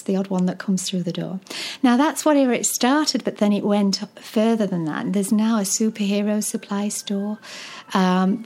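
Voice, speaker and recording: In a slightly mellow mid-range voice, a children's charity founder talks in a conversational interview. She sounds enthusiastic but halting, with frequent ums, fillers and restarts.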